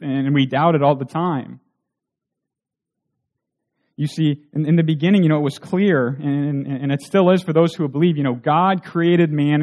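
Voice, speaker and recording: A man's voice: medium pitch, darkish tone. A man preaching a sermon in an earnest way, asking rhetorical questions.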